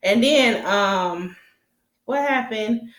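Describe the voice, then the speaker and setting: A woman recapping a TV episode casually, animated and profane, and often breaking into laughter. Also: a little high, extremely slow, roomy sound. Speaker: TV recap vlogger.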